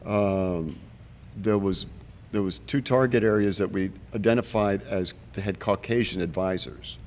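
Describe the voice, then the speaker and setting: An older man in his seventies with a somewhat low voice, telling stories from his military service in a relaxed, chatty way. He livens up his anecdotes by acting out the voices of the people he quotes. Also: a little slow, a little hiss or hum. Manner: animated, acts out quoted voices. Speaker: Vietnam veteran guest. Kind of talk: casual storytelling.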